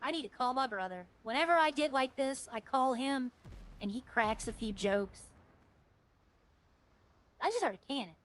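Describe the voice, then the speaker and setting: A woman's voice: high voice, lively intonation, normal speed, long pauses, a bit bright, a little hiss or hum, rough recording. A woman streamer chatting casually while playing a game, rambling and earnest, often restarting her sentences.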